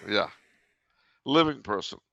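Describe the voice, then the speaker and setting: A male podcast host with a heavily gravelly, fry-laden voice at a middling pitch, talking in a dry, teasing way and tossing in sung jokes. The sound is dry and slightly dull, with no room sound. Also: expressive, slow, bright, forceful tone, no room sound. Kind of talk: casual podcast chat.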